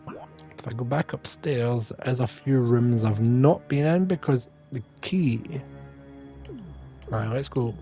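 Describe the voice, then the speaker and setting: Mellow-voiced man chatting while gaming. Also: medium pitch, slow pace, faint music behind. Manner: chatty, self-deprecating, thinks aloud. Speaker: gaming livestream host. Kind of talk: casual gameplay commentary.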